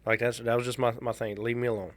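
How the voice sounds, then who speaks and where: Halting, candid man telling stories. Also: medium pitch, flat delivery. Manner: halting, restarts a lot, candid and wry. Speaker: podcast co-host. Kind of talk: casual storytelling chat.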